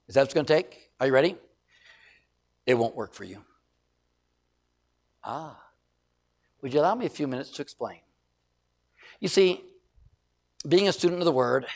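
A middle-aged man preaching a sermon, emphatic and given to shouting, acting out what people say. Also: mid-range voice, gravelly. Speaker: pastor.

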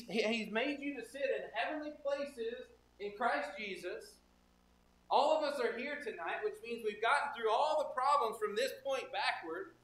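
A man preaching a sermon, reading Bible verses and turning them into conversational rhetorical questions, stopping now and then to clear his throat. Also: very high voice, fairly bright tone, a little hiss or hum.

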